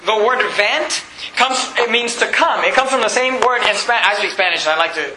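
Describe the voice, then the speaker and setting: A pastor preaching a sermon, reading scripture aloud and firing off rhetorical questions in an emphatic delivery. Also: male voice, sits high, moderate pace, background noise. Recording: echoey hall.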